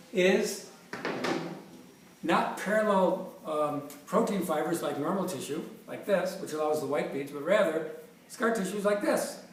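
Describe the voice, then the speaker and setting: An enthusiastic chiropractor in his fifties explains with props, joking and restarting his sentences in a fairly high voice. He sounds far from the mic in a very echoey room with faint background noise. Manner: enthusiastic, jokey, stumbling restarts. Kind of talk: informal presentation with props.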